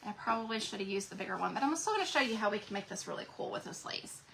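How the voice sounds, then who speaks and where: A woman's voice: medium pitch, animated, very fast, gravelly, fairly bright tone, a little hiss or hum, poor audio. A woman hosting a casual crafting livestream, chatting to viewers as she works. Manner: chatty, addresses viewers as y'all.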